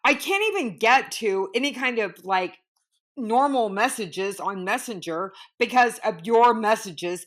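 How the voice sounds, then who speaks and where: A woman's voice: on the high side, unhurried, a bit bright. A woman actress telling an upsetting personal story in an interview, agitated and swearing, with many fillers. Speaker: actress and guest.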